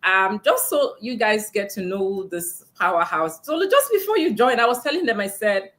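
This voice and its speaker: Lively laughing woman host. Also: medium pitch, normal speed. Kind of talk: virtual book launch interview. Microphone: video call.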